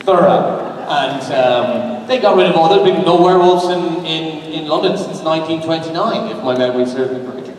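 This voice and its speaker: A man, an actor on a fan convention panel, talking casually in a halting, rambling way with many fillers. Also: on the high side, darkish tone. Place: large convention hall. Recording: echoey hall, distant fan recording, crowd noise. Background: audience murmur and hall noise.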